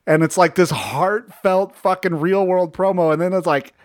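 A man's voice: high-pitched, normal speed, dry recording, studio quality. Profane man telling a wrestling story. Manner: profane, animated storytelling, acts out quotes. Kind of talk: casual chat.

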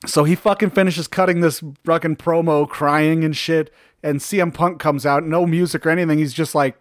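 A man's voice: on the high side, normal speed, no echo, clean studio sound. A man in casual chat, retelling a story with lots of swearing and acting out the quotes. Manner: profane, animated storytelling, acts out quotes.

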